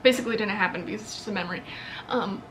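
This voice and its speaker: A woman's voice: medium pitch, rapid-fire, fairly bright tone, a little hiss or hum. An American woman in her early twenties chatting to camera at home, rambling and candid, packing her talk with fillers and the odd swear. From United States. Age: early 20s. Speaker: vlogger. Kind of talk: casual chat to camera.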